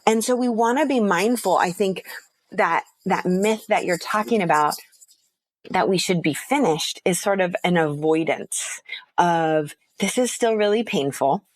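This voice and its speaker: A woman therapist speaking as a podcast guest, gentle and reflective in her unhurried manner. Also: on the low side, dry recording. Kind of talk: podcast interview.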